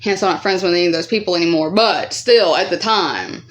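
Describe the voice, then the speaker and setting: A woman vlogger telling a story in a casual, rambling way, swearing often and using many fillers. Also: brisk. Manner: acts out quoted voices higher and louder.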